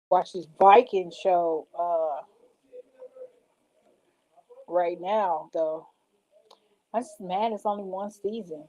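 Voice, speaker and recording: Slow-talking chatty woman vlogger. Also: mid-range voice, warm tone, highs cut off. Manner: chatty, reads titles aloud, slangy asides. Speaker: vlogger reacting to show picks. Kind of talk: casual reaction chat.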